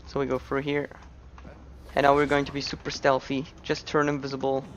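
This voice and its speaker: A man's voice: medium pitch, fairly quick. A man giving casual, joking commentary on a speedrun into a headset. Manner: relaxed, joking asides.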